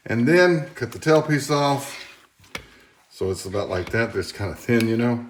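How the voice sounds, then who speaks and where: A man's voice: medium pitch, background noise. Folksy man cooking in an echoey kitchen. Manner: rambling, folksy, joking asides. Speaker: home cook hosting a cooking channel. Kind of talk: casual cooking demonstration. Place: home kitchen, indoors. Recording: echoey kitchen with clattering pots.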